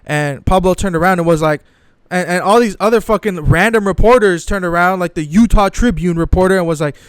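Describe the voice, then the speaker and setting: A man's voice: sits high, brisk, clear, resonant tone, dry recording. A young man ranting in casual sports commentary, profane and exasperated, often mocking others in put-on voices.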